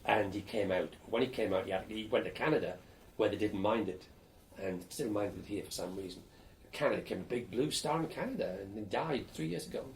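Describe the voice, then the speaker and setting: An older man with a fairly low voice shares memories of his student days in an oral history interview, speaking a little fast. He's energetic, blunt, and swears freely, and there's a little hiss or hum on the recording.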